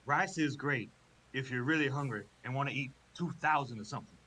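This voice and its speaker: A man doing an impression of a deadpan, laid-back male stand-up comic on a comedy podcast, explaining his own one-liners earnestly. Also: mid-range voice, a little fast, a little hiss or hum, close to an everyday voice.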